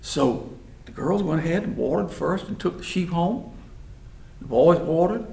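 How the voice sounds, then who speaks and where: A man telling a story in a folksy, animated way. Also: on the high side, measured pace, vocal fry. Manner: animated, folksy, acts out voices. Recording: roomy hall, mic far off.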